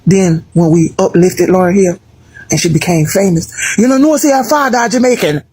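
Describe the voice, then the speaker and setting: An American woman giving animated, emphatic opinion commentary to her viewers, with mocking asides. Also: lowish voice, moderate pace, slightly rough, no echo. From United States. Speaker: video commentator.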